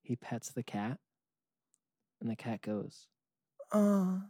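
A man's voice: lowish voice, little pitch movement, slow, dark tone, slightly rough, no echo. A man telling a rambling comedic story in casual chat, acting out the characters. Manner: rambling, acts out characters, laughs often.

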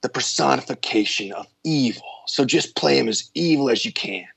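A man doing an impression of an intense, eccentric male movie star with a slow, theatrical delivery. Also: medium pitch, lively intonation, gravelly, fairly bright tone, slightly rough, exaggerated voice.

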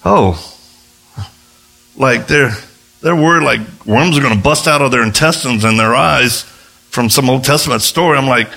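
A man from the United States preaches with a gravelly, bright edge to his voice. He tells stories in a lively way and often pops up into high voices to act out the people he quotes. His tone is a little husky, with faint music underneath. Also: moderate pace, long pauses. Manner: animated, jumps into high voices when quoting others. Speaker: missionary preacher. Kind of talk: sermon with storytelling.

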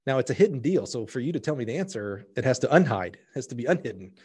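A man's voice: mid-range voice, very animated, fast talker, a little mellow, husky. A man hosting a casual interview, joking and easygoing as he asks questions. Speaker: host.

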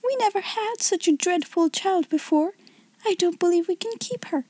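A woman voicing a flustered, helpless plump schoolmistress who talks excitedly and whimpers. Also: very high-pitched, quick pace, no echo, pitched above the performer's own voice. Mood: whimpering. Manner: excitable, veering between coaxing and scolding, whimpering.

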